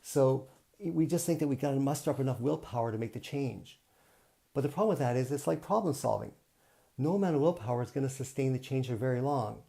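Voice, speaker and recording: Gravelly, mellow-voiced man coaching. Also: medium pitch, lively intonation, fast talker. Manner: earnest, repetitive, teacherly. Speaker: self-help coach. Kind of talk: live-streamed motivational talk. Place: home, streaming live online.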